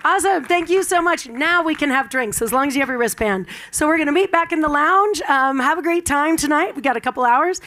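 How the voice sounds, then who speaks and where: A woman hosting an event, giving the crowd a quick, upbeat rundown of the schedule. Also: high voice, lively intonation, bright, forceful tone. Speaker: event host. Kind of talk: event announcements. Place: live event lounge.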